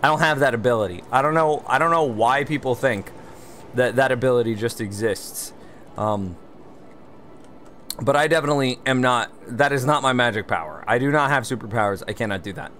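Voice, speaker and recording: A man's voice: mid-range voice, brisk, fairly bright tone, a little hiss or hum. A man hosting a game livestream, reading viewer chat aloud and answering it in a wry, chatty way, one beer in and a little tipsy. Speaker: livestream gamer host.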